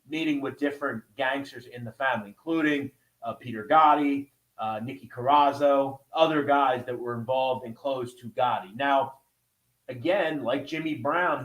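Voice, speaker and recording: Echoey man telling a casual story. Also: on the high side. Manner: conversational, swears, checks in with listeners. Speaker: podcast host. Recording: roomy echo.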